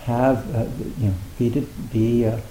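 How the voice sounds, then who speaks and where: A man's voice: mid-range voice, flat delivery, normal speed, dark tone, a little hiss or hum. A man giving an informal Zen talk to retreat students, rambling with many fillers and restarts. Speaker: Zen teacher. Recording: echoey room.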